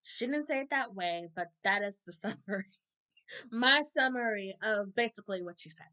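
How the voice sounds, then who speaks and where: A woman's voice: medium pitch, lively intonation, normal speed, sharp tone, low-quality recording. A woman giving a casual, opinionated episode recap, laughing often and acting out characters' lines. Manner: chatty, opinionated, laughs often, acts out quotes. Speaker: soap opera reviewer.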